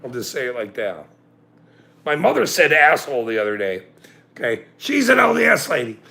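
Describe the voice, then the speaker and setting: A man's voice: mid-range voice, big pitch swings, normal speed, vocal fry, pushed and bright. A middle-aged man hosting a livestream, ranting sarcastically and swearing freely as he talks to his chat. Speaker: livestream host.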